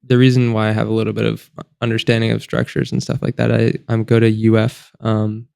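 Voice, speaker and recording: A young man in his twenties talks in a low, gravelly voice that barely rises or falls. He chats in a laid-back, halting way, full of fillers. The sound is dry and close. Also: monotone, darkish tone, no room sound. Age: 20s. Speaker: podcast guest, college student. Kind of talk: casual chat. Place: college town studio room.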